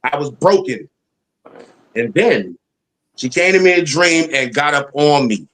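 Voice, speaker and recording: Animated slangy man telling stories. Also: on the high side, unhurried, long pauses. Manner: animated, slangy and profane, acts out quoted voices. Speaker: live stream panel co-host. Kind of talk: casual storytelling chat.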